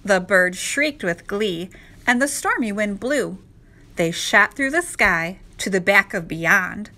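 A woman teacher reading a rhyming picture book aloud to children, slow and expressive. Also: mid-range voice. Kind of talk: children's read-aloud narration.

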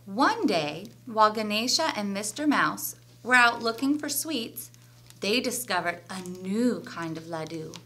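A woman teacher reading a children's story aloud with an expressive storyteller voice. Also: mid-range voice, measured pace.

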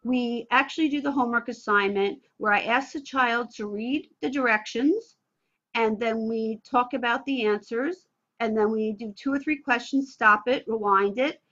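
Bright high-voiced woman on a muffled call. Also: normal speed. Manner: lively, breaks into playful demonstration voices. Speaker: speech pathologist. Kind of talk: expert answering interview questions. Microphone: video call. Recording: slightly muffled call audio.

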